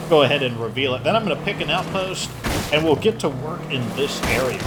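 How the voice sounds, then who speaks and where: A man's voice: a little high, animated, fairly quick, heavy background noise. A man giving casual, joking commentary as he plays a video game, thinking aloud. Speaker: gaming channel host.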